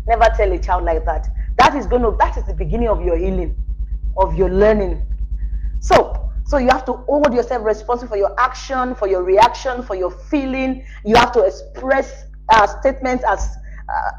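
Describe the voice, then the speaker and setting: A woman's voice: mid-range voice, lively intonation, normal speed, lo-fi sound. A woman giving a spoken parenting lesson as a coach, talking directly to parents in a scolding yet reassuring way and laughing often.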